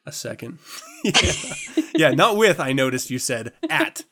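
A man's voice: mid-range voice, wildly swooping pitch, normal speed, vocal fry, sharp tone. A man hosting a podcast in a casual chat, laughing often, swearing freely and rambling through restarts. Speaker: podcast host.

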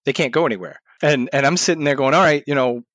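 A man's voice: on the high side, fast talker, no echo, dull audio. A man talking as a guest in an interview, animatedly telling stories and acting out what he said back then. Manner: animated storyteller, acts out his own past words. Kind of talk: storytelling in a podcast interview.

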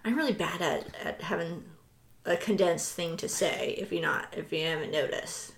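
A woman's voice: on the low side, normal speed, creaky. A woman co-hosting a podcast, chatting casually, laughing often and acting out quotes. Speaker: podcast co-host. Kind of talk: casual chat.

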